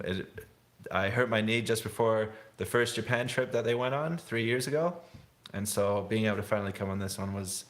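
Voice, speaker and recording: Man, young, low-pitched voice, rambling live-stream chat, laid-back, laughs a lot. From England. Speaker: snowboard vlogger hosting a livestream.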